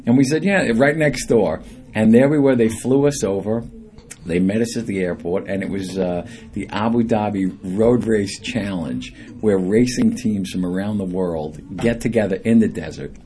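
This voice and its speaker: A middle-aged man, a singer guest on a radio show, telling lively anecdotes and acting out the people in them. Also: fairly low pitch, normal speed.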